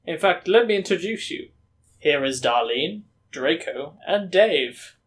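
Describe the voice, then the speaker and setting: Man, game master, genial, chuckles, a bit high pitched. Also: expressive, a little slow, a bit bright, breathy edge. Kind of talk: narrating a tabletop game.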